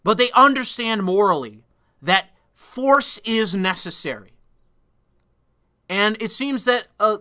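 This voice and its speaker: A man's voice: sits high, pushed and bright, clean tone. A man delivering a solo commentary rant in a blunt, profane, emphatic way. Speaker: political commentator.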